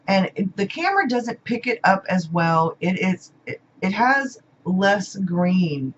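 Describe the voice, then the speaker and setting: A woman's voice: lowish voice, a little hiss or hum. Woman vlogger, heartfelt and gushing, repeats words, slightly muffled home recording. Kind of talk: casual unboxing chat. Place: home room.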